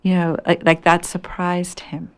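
Gravelly-voiced woman telling a story. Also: on the low side, completely flat delivery, measured pace. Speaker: radio show guest. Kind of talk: storytelling on a call-in show.

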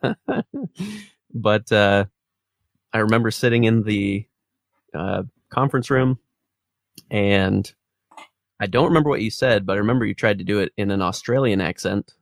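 A man co-hosting a podcast in relaxed casual chat, chuckling often. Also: lowish voice, normal speed, creaky, pauses often, no room sound, clean studio sound. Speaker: podcast co-host.

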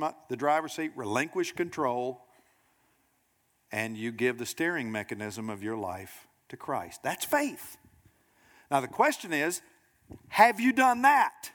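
Male pastor, mid-high voice, animated preaching style with direct questions to the congregation, recorded in a church hall with long reverb. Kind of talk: sermon. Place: church sanctuary.

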